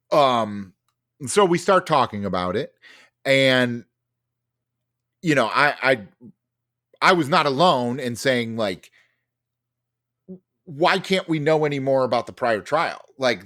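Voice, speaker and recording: A man's voice: mid-range voice, a bit bright. A man co-hosting a podcast, telling a story in casual chat, full of fillers, restarts and swearing. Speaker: podcast co-host.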